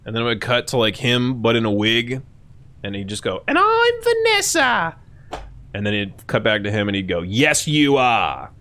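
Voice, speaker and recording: Speaking a little fast over slight background noise, a young man running a live stream banters casually and crudely with his audience, lively throughout and often switching to shrill mocking voices.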